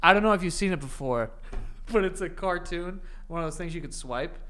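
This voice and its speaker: A man's voice: a little high, expressive, a little fast, pushed and bright, smooth. A man co-hosting a podcast, teasing his friend with mock disgust and cursing freely. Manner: teasing, incredulous, swears freely. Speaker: podcast co-host. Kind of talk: casual chat.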